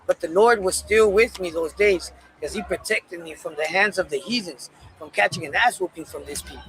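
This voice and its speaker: A man casually telling a personal story in a candid, profane, animated way. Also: high voice, a little fast, a little hiss or hum, rough recording.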